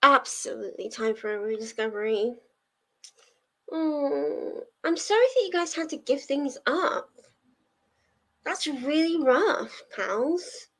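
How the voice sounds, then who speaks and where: Speaking slowly and pausing often, a young woman with a high, expressive voice chats casually with viewers as host of a reading-sprint live stream. She laughs a lot and gets teary now and then, and the recording is low quality.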